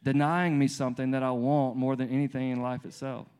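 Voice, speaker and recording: With a clear, resonant, medium-pitched voice and a brisk pace, a man in his thirties gives a relaxed, conversational sermon drawn from personal family stories. He restarts and uses fillers a lot, playfully acting out his toddler as well as himself.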